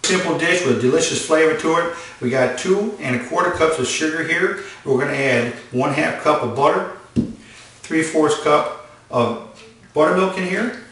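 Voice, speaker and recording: A man's voice: on the high side, normal speed, fairly bright tone. Man, cooking show host, folksy storyteller, home kitchen, echoey room.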